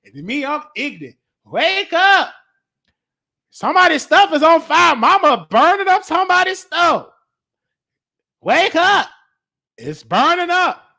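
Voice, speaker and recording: A man hosting his show, telling a comedic childhood story in an excitable, animated way. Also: very high-pitched, measured pace, creaky, pauses often. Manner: animated, excitable, talks back to the listener.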